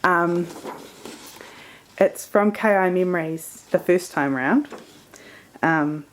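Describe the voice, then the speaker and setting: A woman talks through her crafting project at a table camera. Her voice sits fairly low, and she rambles in a friendly, loose way with plenty of fillers. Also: slow, slight background noise. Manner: chatty and meandering, many fillers. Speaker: scrapbooking vlogger. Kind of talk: casual crafting show-and-tell.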